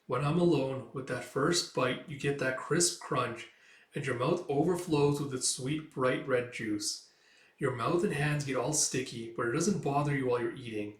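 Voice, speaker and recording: A man reading the lines of a shy, gentle young woman from a comic, softly and unhurriedly, in a roomy recording from a distant mic. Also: mid-range voice, normal speed, lightly acted. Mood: dreamy.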